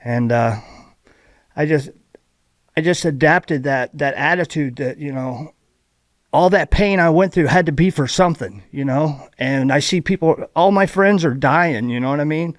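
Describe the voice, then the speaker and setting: A man from Ohio speaking as a podcast guest, telling his recovery story in a halting, heartfelt way with many restarts. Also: on the high side, no echo. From Ohio, USA. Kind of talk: candid personal recovery story.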